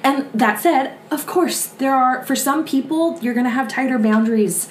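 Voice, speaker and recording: A woman's voice: sits high, moderate pace, slight background noise. A woman co-hosting a casual faith podcast, often agreeing with short affirmations and then sharing her own thoughts. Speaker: podcast co-host. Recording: echoey, a little distant from the mic.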